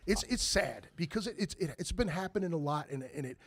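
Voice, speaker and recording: A man in his forties, a band member guest on a podcast, telling stories in a lively, profane way and loudly acting out what people said. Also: fairly high pitch, a little fast, dry recording. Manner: animated, profane, acts out quoted lines loudly. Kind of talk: casual podcast storytelling.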